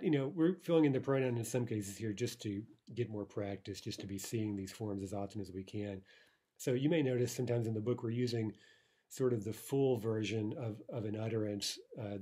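A man's voice: fairly low pitch, mellow. A man teaching a recorded language lesson, patiently explaining and drilling phrases, checking in with "right?".

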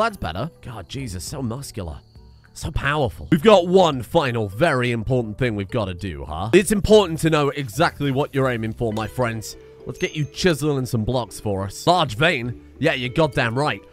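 A young man giving joking, animated commentary on a strategy game he plays, swearing freely. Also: mid-range voice. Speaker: gaming YouTuber. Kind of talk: comedic let's-play commentary.

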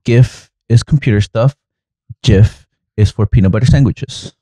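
A man's voice: on the low side, fast talker, dark tone, no echo. A man co-hosting a podcast, joking and chiming in with quips in casual chat.

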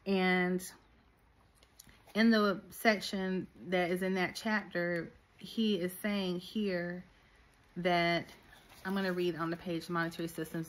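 Woman minister-coach, middle-aged, low-set voice, exhorting listeners directly. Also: slow pace. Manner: animated, preachy, talks straight to listeners. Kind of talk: sermon-style teaching.

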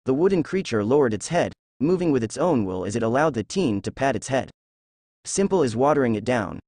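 A man narrating a fan fiction story in a steady, even reading voice. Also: medium pitch, fairly quick, no room sound, clean studio sound.

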